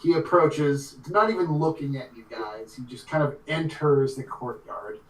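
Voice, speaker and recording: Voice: mid-range voice, normal speed. A game master narrating a tabletop game casually, with lots of fillers. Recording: echoey room.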